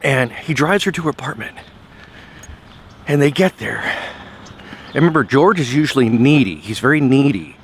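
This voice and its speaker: A man's voice: medium pitch, expressive, moderate pace, pauses often, slight background noise. A man casually telling a story in a motivational vlog while out on a walk, often repeating words as he goes. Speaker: vlogger. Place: outdoors on a walk.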